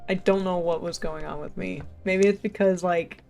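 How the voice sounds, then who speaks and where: A young woman livestreamer talks casually and rambles, heavy on "like" and "um," laughing often between sentences. Her lowish voice has fairly even intonation, a moderate pace, vocal fry and a slightly mellow quality, and faint game music sits in the background.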